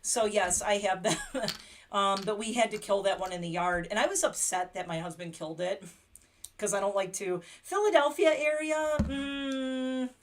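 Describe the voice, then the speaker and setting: A woman's voice: medium pitch, steady tone, normal speed. Rambling, chatty woman. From Pennsylvania, USA. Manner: rambling, chatty, laughs often. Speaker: livestream host. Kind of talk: casual livestream chat.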